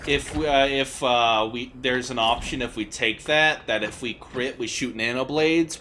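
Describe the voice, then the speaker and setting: A man giving casual, jokey gameplay commentary as a gaming streamer, excitable and swearing freely, with game music behind him. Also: mid-range voice, a little hiss or hum.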